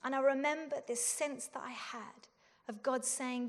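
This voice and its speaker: A woman's voice: high-pitched, fairly even intonation, measured pace. A woman in her forties giving an earnest, self-deprecating and humorous conference talk. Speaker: conference speaker. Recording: long hall reverb.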